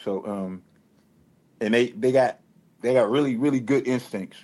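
A man with a Detroit drawl speaks in a laid-back, rambling way, circling back with fillers and restarts as he talks through his thoughts. His voice sits at a middling pitch. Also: normal speed, a little mellow. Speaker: rapper guest. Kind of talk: casual interview talk.

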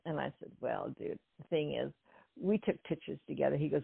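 An older woman from California tells her story with plenty of life, acting out what people said and often breaking into laughter. Her voice sits on the low side. It comes through a thin, phone-like line with a dry, close sound. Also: a little fast, creaky, breathy edge, no echo. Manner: animated, acts out quotes, laughs often. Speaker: guest. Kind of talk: casual storytelling interview.

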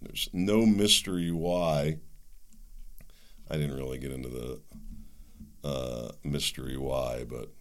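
A man's voice: rumbling low, slow pace, pauses often. A middle-aged man hosting a solo talk show, rambling, joking and opinionated in a conversational way. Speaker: podcast host.

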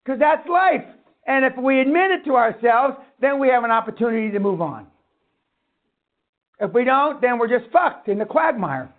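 Male seminar speaker, very high pitch, blunt and foul-mouthed; thin telephone-quality audio. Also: lively intonation, moderate pace. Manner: blunt, swearing, ranting. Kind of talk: profane motivational lecture. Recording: tinny phone-like line.

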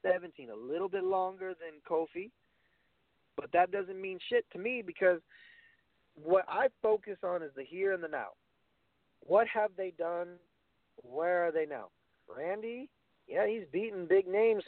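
A man's voice: high-pitched, sing-song, measured pace, pauses often, no room sound. A man co-hosting a casual wrestling talk show, giving blunt opinions with swearing and frequent restarts. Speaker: wrestling podcast co-host. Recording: phone-like, dry.

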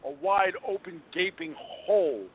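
High-voiced emphatic man on a phone-like line. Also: a little slow, a loud crowd. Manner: emphatic, profane, repeats points for effect. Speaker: podcast co-host. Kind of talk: casual movie review chat. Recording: tinny phone-like line, faint hiss.

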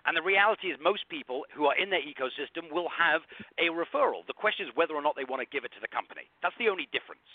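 Male guest, rapid product explainer, dry narrow phone-line audio. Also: expressive, no echo. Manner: quick, explanatory, pitching a product. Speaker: guest, alumni platform founder. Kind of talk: casual talk show discussion.

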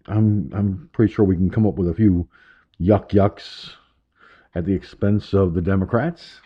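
A man with a fairly low voice hosts a casual internet talk radio show. He talks at an unhurried, drawn-out pace, rambling and chuckling at his own asides. The audio is muffled and lo-fi. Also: fairly even intonation.

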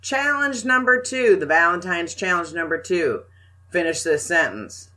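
A woman's voice: fairly low pitch, animated, a little slow, pushed and bright. An older woman co-hosting a casual podcast, giving bossy, teasing instructions and banter. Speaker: podcast co-host. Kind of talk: casual chat.

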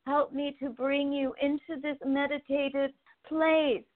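A devoted pet cat pleads softly with its owner, voiced by a woman channeling it, its high voice unhurried and coaxing. The words circle back again and again. It comes through a thin, phone-like line. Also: level tone. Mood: tender. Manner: gentle, repetitive pleading. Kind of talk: channeled spirit message.

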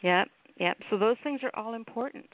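A man with a notably high voice hosts a call-in radio show, drifting through his thoughts in a loose, chatty ramble. His voice comes through thin and tinny, like a phone line. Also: moderate pace. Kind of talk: casual on-air chat.

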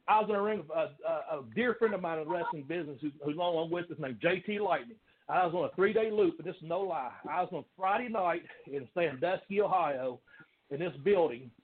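High-voiced country man on a phone line. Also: breathy edge. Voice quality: country accent. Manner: animated storyteller, laughs often. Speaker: guest, former pro wrestler. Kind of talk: casual chat, storytelling. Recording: phone-like line with faint noise.

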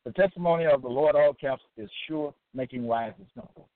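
A religious teacher gives a preaching lecture in a fairly high, brisk male voice, rattling off repetitive rhetorical questions and ending lines with "okay?". The audio is dry with no room sound, and it has a tinny phone-line quality.

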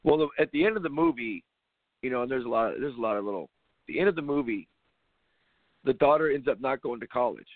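Over a dry, tinny phone-like line with no echo, a man who coaches basketball and hosts a show rambles emphatically through his views, frequently starting over. It's a casual monologue in a medium-pitched, sing-song voice, quick-paced with vocal fry and frequent pauses.

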